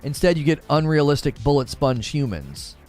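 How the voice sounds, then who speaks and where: An opinionated man hosts a live gaming stream, his voice sitting a little high for a man. He reads out chat messages and argues his points with quick rhetorical questions, while soft music plays behind him. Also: sing-song.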